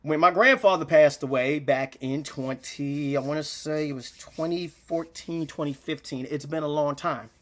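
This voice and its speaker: Brief: young male vlogger, high voice, rambling heartfelt monologue, on the edge of tears. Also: moderate pace, few pauses. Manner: rambling, repeats himself, slangy. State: near tears. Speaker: gaming channel vlogger. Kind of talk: emotional unscripted monologue.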